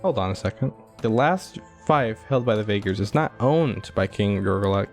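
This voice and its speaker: Man, low voice, casual gameplay commentary, rambling, lots of filler words, chuckling asides. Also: animated, moderate pace, faint music behind.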